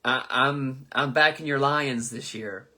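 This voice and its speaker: A man's voice: mid-range voice, slow, bright, forceful tone. A man in his twenties hosting a live comedy chat, reading viewer comments and joking loosely with lots of swearing. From southern United States. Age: 20s. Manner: loose, profane, joking, stumbles over names. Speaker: host.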